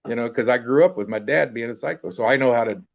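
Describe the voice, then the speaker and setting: A man's voice: medium pitch, quick pace, gravelly. An older man in his seventies telling a long personal story in a rambling, profane way, acting out what people said. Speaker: interviewee telling a life story. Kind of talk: casual spoken anecdote. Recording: dull, muffled lo-fi recording.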